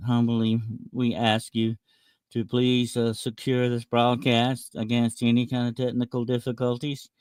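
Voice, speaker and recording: A man who is a guest on an online talk show, joking in chat and measured and solemn as he leads a prayer. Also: medium pitch, monotone, darkish tone, clear, resonant tone, no room sound. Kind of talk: casual interview and spoken prayer.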